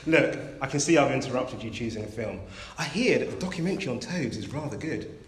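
A man's voice: mid-range voice, expressive, lightly acted. A man putting on a lost airline captain. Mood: brisk. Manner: brisk and cheery, then anxious. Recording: roomy echo.

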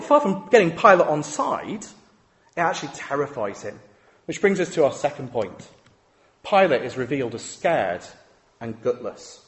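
A man preaching a sermon in a conversational way, often asking rhetorical questions. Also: a little high.

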